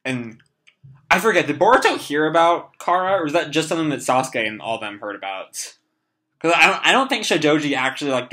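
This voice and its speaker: A hoarse young man hosting a casual live comic read-through, rambling with lots of "like" and "uh". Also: a little high, pushed and bright. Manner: rambling, full of "like" and "uh". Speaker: comic reaction host.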